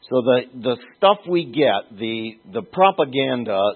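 A man's voice: medium pitch, husky. A man teaching a Bible passage in a conversational sermon, musing aloud and asking his listeners questions. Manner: musing, asks listeners questions, restarts phrases. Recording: tinny phone-like sound.

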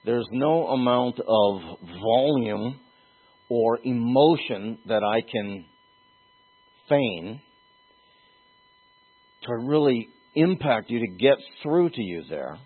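A man preaching a sermon as pastor, earnest and emphatic, with pauses and restarts. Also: mid-range voice, lively intonation, breathy edge. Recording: tinny phone-like lo-fi sound.

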